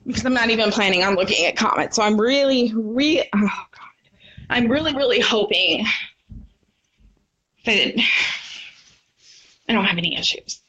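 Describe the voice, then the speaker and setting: A woman's voice: on the high side, lively intonation, moderate pace, long pauses, pushed and bright. A woman talking into her phone on a livestream, agitated and defiant, swearing as she tells her own story. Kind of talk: emotional livestream monologue.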